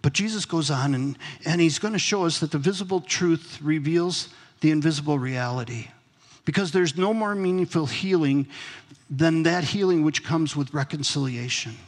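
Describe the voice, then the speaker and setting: A man's voice: fairly high pitch, moderate pace, in a large hall. A man preaching a sermon as pastor, in a conversational way, asking his congregation questions. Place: church sanctuary.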